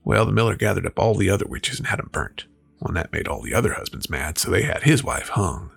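A man's voice: deep voice, very animated, quick pace, vocal fry, slightly rough, soft background music. A man hosting a folklore show, telling a folktale in a folksy storytelling manner and then reviewing a book. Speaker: folklore podcast host.

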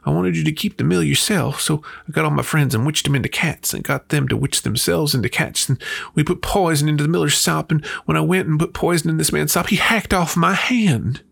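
A man's voice: a little high, a little fast, creaky, fairly bright tone, slightly rough, voice pushed up, exaggerated voice. A man voicing the miller's wife, a cunning, scheming witch woman, in a raised voice. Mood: pleading confession.

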